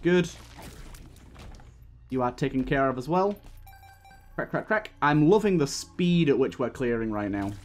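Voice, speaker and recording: A man's voice: medium pitch, expressive, normal speed, pauses often, darkish tone, soft background music. A man giving casual, rambling gameplay commentary as a YouTuber, laughing often and restarting his sentences, with hiccups. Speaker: gaming YouTuber.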